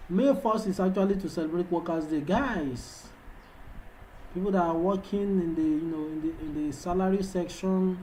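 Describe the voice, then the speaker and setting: A high-pitched, darkish voice at normal speed comes through a low-quality recording with slight background noise. It belongs to a Nigerian livestream host and trading analyst, Yoruba by first language, who hypes viewers in live chat with repetitive calls while affecting a foreign-sounding English accent.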